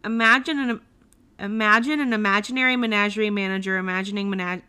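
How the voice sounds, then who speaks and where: A woman's voice: medium pitch, steady tone, quick pace, pushed and bright, clear, resonant tone. A woman co-hosting a podcast, chatting casually and playfully mocking herself while trying tongue twisters. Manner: self-deprecating, playful. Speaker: podcast co-host.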